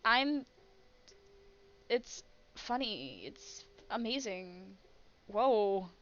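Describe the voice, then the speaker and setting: A woman's voice: medium pitch, big pitch swings, extremely slow, a little hiss or hum. A young American woman streaming a game, chatting casually, laughing often and jumping between topics. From United States. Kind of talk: casual game-playing commentary. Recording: slightly muffled stream mic.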